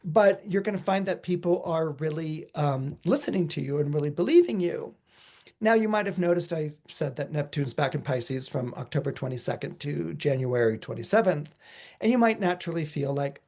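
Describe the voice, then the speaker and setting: A man's voice: a little high, moderate pace. A middle-aged man, an astrologer, giving a podcast forecast in a loose, chatty way, full of "you know" and acted-out quotes. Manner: lively storyteller who acts out quoted voices.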